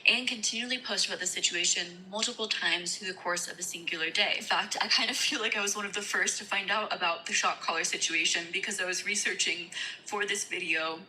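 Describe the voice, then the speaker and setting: A woman reads a scripted video essay in a measured, steady way. Her voice is very bright and clear-edged. A faint noise sits underneath the recording. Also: mid-range voice, poor audio. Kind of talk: scripted narration.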